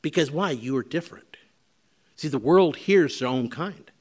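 A man with a high voice preaching a sermon. He talks in a loose, conversational way, full of fillers and restarts, and slips into other people's voices when he quotes them. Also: lively intonation, normal speed, a little mellow, breathy edge.

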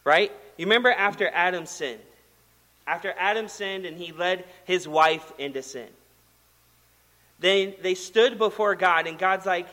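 A man preaching a sermon in a conversational, animated storytelling manner. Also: high-pitched, measured pace, long reverb tail. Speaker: pastor.

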